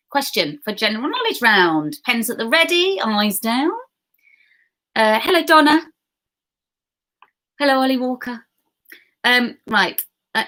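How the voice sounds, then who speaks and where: A woman running a live pub quiz with a bright, clear voice that cuts through. She reads each question twice and chats in between, greeting viewers by name and giggling at her own asides. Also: fairly high pitch. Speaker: quiz host.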